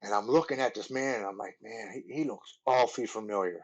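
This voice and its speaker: A man's voice: lowish voice, rough recording. Earnest man in his forties. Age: 40s. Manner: earnest, halting storyteller with many restarts. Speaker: podcast guest. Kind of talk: telling his recovery story.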